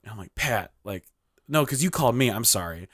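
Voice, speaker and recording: A young man co-hosting a podcast, telling a story in casual chat, animated and full of "like", acting out what people said. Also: mid-range voice, rapid-fire, a little hiss or hum. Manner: animated, acts out quoted lines, heavy use of "like". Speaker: podcast co-host.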